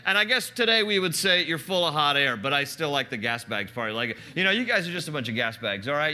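Guy preaching a bible study, bright voice, kinda high, gets animated and chatty. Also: quick pace, few pauses. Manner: animated, conversational Bible teaching. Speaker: pastor. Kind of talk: sermon.

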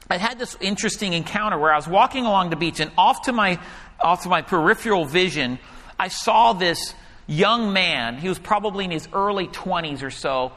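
A male pastor preaching a sermon and telling a story, animated at times and hushed when he quotes a prayer. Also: high voice. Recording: hall reverb.

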